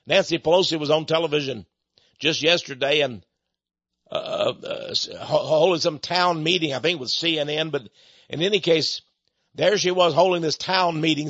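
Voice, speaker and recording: A man delivering an impassioned monologue, indignant, with loud angry outbursts. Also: a little high, expressive, moderate pace, no echo. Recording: dry, dull lo-fi recording.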